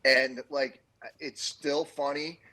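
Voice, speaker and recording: Middle-aged man, bright tense tone, halting casual talk. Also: mid-range voice, little pitch movement. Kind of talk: casual chat.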